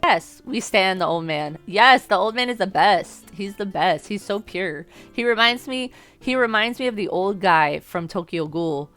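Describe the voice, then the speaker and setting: A woman streamer playing a dating game, who gives loud, joking, playful commentary as she plays. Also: mid-range voice, lively intonation, a little slow, hardly any pauses, faint music behind. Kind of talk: let's-play commentary.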